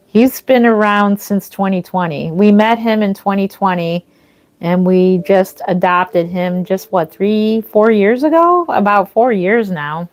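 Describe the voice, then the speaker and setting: A woman's voice: mid-range voice, unhurried. Chatty woman livestreaming from home. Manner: rambling, chatty, with frequent restarts and laughs. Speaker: reborn doll artist hosting a livestream. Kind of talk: casual livestream chat. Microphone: phone or camera mic, walks away at times.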